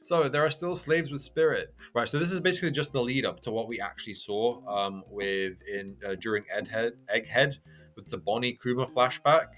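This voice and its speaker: A man's voice: mid-range voice, moderate pace, a bit bright. A man hosting a reaction channel, reading a manga aloud and commenting in a chatty, hesitant way. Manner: chatty, hesitant with many fillers.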